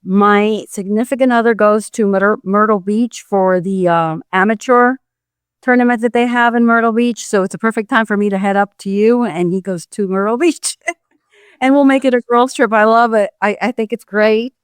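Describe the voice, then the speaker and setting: A middle-aged woman hosting a podcast, chatty and warm, often pausing on fillers. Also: medium pitch, smooth, dry recording, studio quality. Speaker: podcast host. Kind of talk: casual interview chat.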